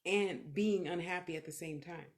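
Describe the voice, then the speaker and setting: Her voice is fairly low and moves at a moderate pace. She's a middle-aged clairvoyant medium from California who does motivational talk and readings on a live stream, responding to viewers with candid, reflective short bursts full of swearing.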